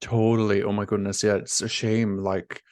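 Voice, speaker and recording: There's no echo on this fairly low-pitched male voice, which goes at normal speed. The young nurse coach is an interview guest speaking candidly and with feeling, relying heavily on "like" and "you know" throughout the conversation.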